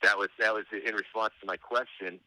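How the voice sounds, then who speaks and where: A middle-aged man, a guest on an interview show, telling anecdotes in a meandering, halting way with dry, wry humor. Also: fairly low pitch, flat delivery, bright, forceful tone, low-quality recording. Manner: meandering, halting delivery with frequent hesitations. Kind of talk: casual anecdotal storytelling.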